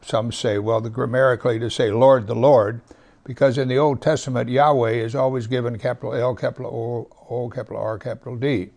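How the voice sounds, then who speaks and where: A man teaching through a psalm, reading verses slowly with heavy emphasis and sometimes dropping almost to a whisper. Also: medium pitch, fairly even intonation, gravelly, darkish tone. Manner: drops to a near whisper at times. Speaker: pastor. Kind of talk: Bible teaching.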